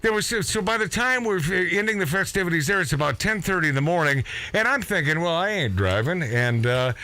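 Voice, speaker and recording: A man's voice: high-pitched, animated, brisk, bright, forceful tone, no echo. A middle-aged man, a radio show host, telling a rambling story in casual chat with lots of restarts.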